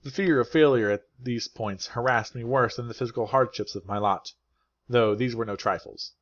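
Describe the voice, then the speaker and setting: A man reads a classic novel aloud as an audiobook narrator, with a steady, clear and unhurried delivery. His voice sits at a middle pitch. The recording sounds slightly muffled and lo-fi. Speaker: English teacher reading a novel aloud.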